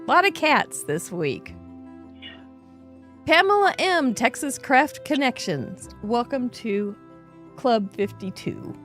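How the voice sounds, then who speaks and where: A woman's voice: a little high, big pitch swings, slow, fairly bright tone, faint music behind. A woman hosting a live craft show, cheerfully reading out names and card counts, laughing often. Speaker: host.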